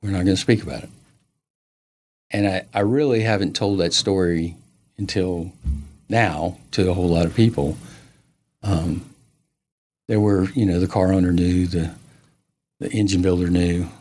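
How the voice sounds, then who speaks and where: Male interview guest, lowish husky voice, animated storyteller. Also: a little slow, long pauses. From United States. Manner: animated, acts out quoted dialogue.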